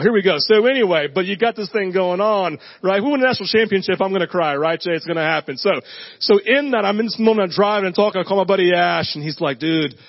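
Lively pastor preaching a chatty sermon. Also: male voice, a little high, gravelly, muffled recording. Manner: animated storytelling, asks "right?" often, self-deprecating asides. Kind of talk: conversational sermon. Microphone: handheld mic.

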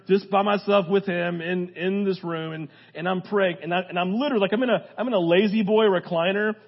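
In lo-fi sound, a young man with a high-sitting voice preaches to a live congregation in a church hall. As pastor, he keeps the sermon casual and joking, addressing the crowd directly.

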